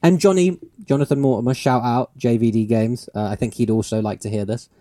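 A man co-hosts a podcast with a relaxed, mellow voice, recorded close in a dry room. He talks in an excitable, rambling way, laughing often and swearing freely. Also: medium pitch, brisk, no echo. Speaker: podcast co-host. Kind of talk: casual chat.

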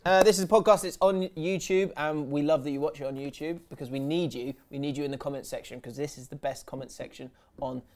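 A man's voice: mid-range voice, fairly even intonation, fairly quick, hardly any pauses, a little mellow. A man hosting a casual podcast, chatty and teasing, often mimicking his friends mid-story. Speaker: podcast host. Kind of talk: casual banter.

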